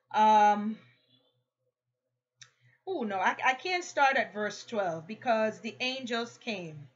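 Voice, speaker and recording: A woman's voice: a little high, fairly bright tone, muffled recording. A woman preaching a passionate sermon, exhorting her listeners with rising emphatic peaks.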